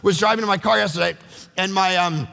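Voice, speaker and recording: A middle-aged man preaching a sermon as pastor, animated and acting out quotes in voices. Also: high-pitched, fast talker, creaky, big-room sound. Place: church sanctuary.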